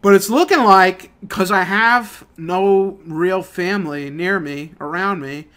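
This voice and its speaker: A young man ranting in a casual, profane, rambling way, swinging between low mutters and loud outbursts. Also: slow, clear, resonant tone. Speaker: gaming channel host. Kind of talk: casual rant over gameplay.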